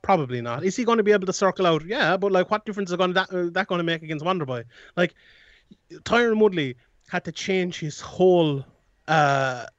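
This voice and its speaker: A man's voice: sits high, animated, brisk, dry recording, muffled recording. A man, a guest analyst in a casual sports chat, rambling with many restarts and frequent laughs.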